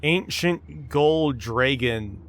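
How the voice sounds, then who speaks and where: A man running a tabletop game as game master, narrating scenes in an unhurried, descriptive way. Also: medium pitch.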